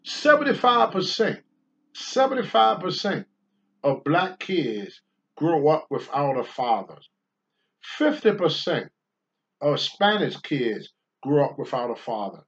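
An older man on a talk show, blunt and preachy, swinging from low mutters to loud outbursts. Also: very animated, takes it slowly, lo-fi sound. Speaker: podcast host, former wrestler. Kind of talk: candid talk-show commentary.

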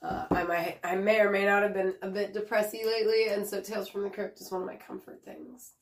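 A woman's voice: mid-range voice, flat delivery, brisk. Laughing, foul-mouthed woman co-host. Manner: laughing, profane, rambling. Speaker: podcast co-host. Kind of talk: casual chat.

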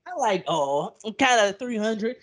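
A woman's voice: medium pitch, expressive, moderate pace. A woman co-hosting a casual podcast, acting out what characters say, swearing freely and laughing often as she tells the story. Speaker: podcast co-host. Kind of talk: casual chat.

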